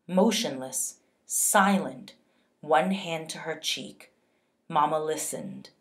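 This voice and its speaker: A woman teacher reading a novel aloud to young students, with slow, expressive narration and pauses to ask them questions. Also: sits low.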